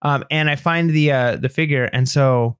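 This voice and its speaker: A man co-hosting a casual podcast, talking quickly and rambling with many fillers and restarts. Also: mid-range voice, smooth, no room sound, studio quality. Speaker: podcast co-host.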